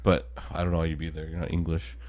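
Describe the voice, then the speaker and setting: A man's voice: rumbling low, completely flat delivery, a little mellow. A man co-hosting a podcast, telling a rambling hypothetical with lots of fillers and laughter. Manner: rambling, halting, laughs often. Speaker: podcast co-host. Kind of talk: casual chat.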